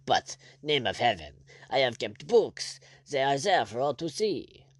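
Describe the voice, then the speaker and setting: Haughty French noble general, disdainful; voiced by a male audiobook reader. Animated delivery, dry booth. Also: mid-range voice, unhurried, no room sound. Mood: angry. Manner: disdainful, icy, angry.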